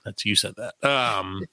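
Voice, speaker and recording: A man's voice: on the low side, slow pace, sharp tone, dry recording. A man hosting a comedy podcast, telling a rambling story in casual chat. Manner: rambling, with frequent restarts and fillers. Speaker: podcast host.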